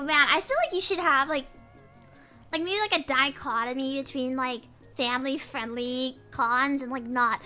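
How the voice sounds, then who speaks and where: Bright high-voiced young woman streamer. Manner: rambling and giggly, reading chat aloud. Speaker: pirate cat vtuber streamer. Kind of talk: casual livestream chat.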